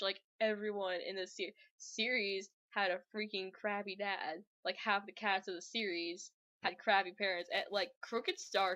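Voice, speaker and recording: A young woman vlogger giving a casual fan rant. She sounds exasperated and animated, and she rambles with lots of fillers. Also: mid-range voice.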